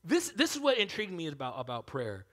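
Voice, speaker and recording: A man preaching a sermon as pastor, animated, swinging from hushed asides to loud calls. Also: fairly high pitch, fast talker.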